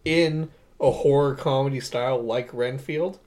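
A man's voice: medium pitch, a little slow, darkish tone. Enthusiastic young man reviewing films. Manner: enthusiastic, rambling, laughs often. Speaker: podcast co-host. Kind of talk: casual movie review chat.

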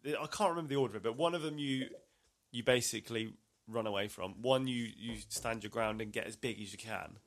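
A man's voice: mid-range voice, fairly quick. A man co-hosting a podcast, chatting casually, rambling and unsure of his facts, with dry jokes. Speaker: podcast co-host. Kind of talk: casual comedic chat.

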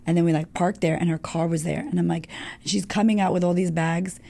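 Frank woman with a dark gravelly voice. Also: lowish voice, steady tone, a little fast. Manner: frank and emotional, swears freely. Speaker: guest. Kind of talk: candid personal storytelling.

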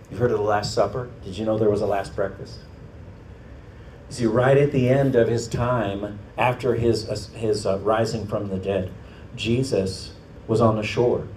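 A male pastor preaching a sermon as a story, rising to loud emphatic peaks and then dropping to a low hush. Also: distant mic, slight background noise. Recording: echoey room, voice off-mic.

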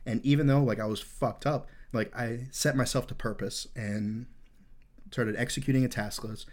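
A man's voice: mid-range voice, steady tone, moderate pace. A man in his thirties hosting a podcast, telling a rambling, candid war story full of swearing. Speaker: podcast host.

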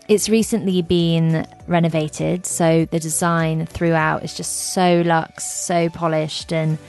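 Woman, podcast host, chatty travel monologue, gravelly edge, light background music. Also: low voice, darkish tone. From England. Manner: enthusiastic, gushing with fillers.

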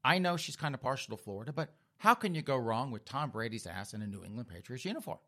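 A man voicing a resigned, hen-pecked middle-aged boyfriend who mutters low. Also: sing-song, fast, bright, forceful tone, full character voice. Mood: hesitant.

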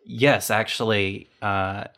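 A man's voice: fairly low pitch, steady tone, slow pace, creaky, fairly bright tone. A man narrating as game master of a tabletop role-playing game, describing scenes and voicing side characters. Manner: describes scenes and voices NPCs in near his own voice.

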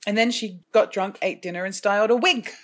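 A man's voice: high-pitched, fairly quick, a bit bright, slight background noise. A man hosting a casual podcast chat, making dry, teasing quips. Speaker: podcast host.

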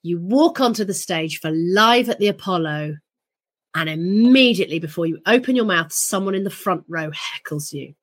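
A woman's voice: on the low side, lively intonation, normal speed. A woman co-hosting a podcast, chatting casually and setting scenes in a playful, theatrical way. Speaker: podcast co-host.

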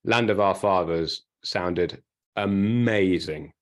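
A man's voice: low-pitched, slow. A man co-hosting a casual sports podcast, talkative and emphatic, often restarting his sentences. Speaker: podcast co-host. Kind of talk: casual chat.

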